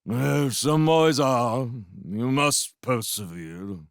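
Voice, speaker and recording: A man voicing a doddering, red-faced old man with a thick accent, talking slowly and ponderously. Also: medium pitch, lively intonation, creaky, no echo, studio quality, pitched above the performer's own voice, full character voice. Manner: slow, heavy-accented, ponderous.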